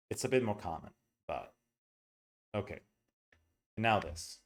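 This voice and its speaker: A man's voice: sits low, lively intonation, unhurried, pauses often. Chatty man teaching English reading. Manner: chatty, explains words and pronunciation as he reads. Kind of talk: casual reading lesson.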